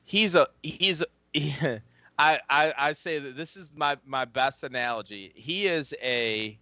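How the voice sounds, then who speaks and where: A man and former football player chatting casually as a podcast guest, rambling and swearing freely as he tells animated stories. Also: fairly high pitch, measured pace, no room sound. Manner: rambling, profane, animated storytelling. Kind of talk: casual chat.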